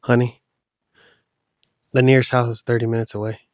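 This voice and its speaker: A man spins a spooky tale in a loose, rambling way, like chatting with a friend. His voice sits at a middling pitch and sounds dry and close, with no room around it. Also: flat delivery, moderate pace, no room sound. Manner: loose, rambling retelling with slang. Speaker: podcast host telling a horror story. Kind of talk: casual storytelling.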